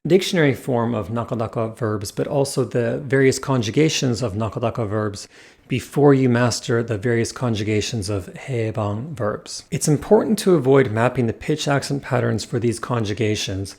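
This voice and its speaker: A man giving a scripted lesson as a language teacher, explaining in a clear, measured way. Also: mid-range voice, a little mellow. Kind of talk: scripted educational narration.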